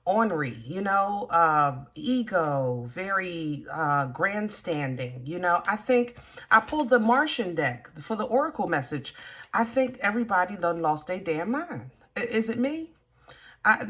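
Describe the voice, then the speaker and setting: A woman talks straight to her viewers as she gives a collective tarot reading. Her talk is chatty and emphatic, and she pauses often with fillers. Her pitch sits in the middle for a woman. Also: a bit bright. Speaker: tarot reader. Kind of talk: casual tarot reading to camera.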